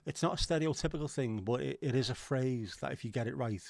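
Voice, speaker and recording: Middle-aged man hosting a casual stream, mid-pitched, chatty and sweary, dry close sound. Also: quick pace, creaky, no room sound. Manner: rambling, sweary, reads out chat comments. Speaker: livestream host. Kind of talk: casual livestream chat.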